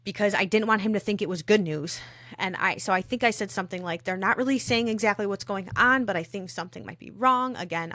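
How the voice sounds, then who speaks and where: A woman telling her own story on a podcast, earnest and reflective, often halting and restarting. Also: lowish voice, fairly bright tone, dry recording, studio quality.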